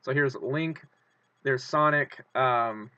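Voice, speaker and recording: A man's voice: mid-range voice, takes it slowly, bright, forceful tone, highs cut off, a little hiss or hum. A man hosting his own channel, rambling with enthusiasm in fan commentary full of fillers and restarts. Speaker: channel host.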